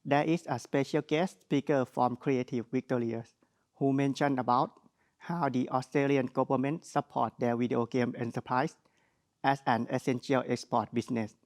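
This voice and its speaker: A young man with a Thai accent delivers a graduation speech on behalf of his classmates. His tone is earnest and his phrasing shows English is not his first language. His voice sits at an ordinary middle pitch. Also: fairly even intonation, normal speed, darkish tone. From Thailand. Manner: earnest, with non-native phrasing. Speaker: graduate speaker.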